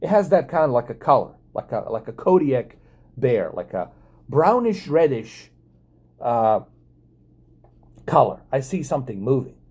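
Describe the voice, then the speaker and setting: A man vlogging, telling a story casually to his camera in an excitable, swearing way, with many fillers and restarts. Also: mid-range voice, unhurried, long pauses, slightly rough.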